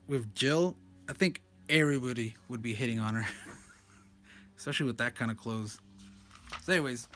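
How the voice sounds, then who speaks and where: A man reviewing a comic casually, reading panels aloud, laughing often, wired and energetic. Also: mid-range voice.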